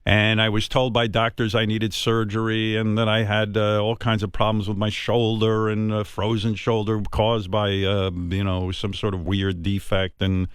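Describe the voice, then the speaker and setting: A man's voice: lowish voice, level tone, moderate pace, few pauses, clear, resonant tone, no room sound, studio quality. A man in his sixties hosting a radio talk show, speaking earnestly and heartfelt, rambling with many restarts.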